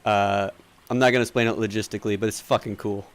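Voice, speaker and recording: A man's voice: on the low side, steady tone, quick pace, smooth. A young man narrating as game master in a tabletop game, rambling with lots of fillers.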